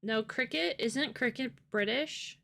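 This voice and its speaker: A woman's voice: fairly high pitch, a little slow, creaky, sharp tone. An American woman livestreamer chatting casually with viewers, rambling and laughing often. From United States. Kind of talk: casual chat with live viewers.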